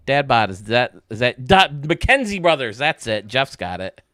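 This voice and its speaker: A man's voice: mid-range voice, sing-song, normal speed, sharp tone, no echo. Guy streaming baseball, chatting and joking around, dry close sound, mid voice. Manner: rambling, joking, chuckling. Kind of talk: casual chat while playing.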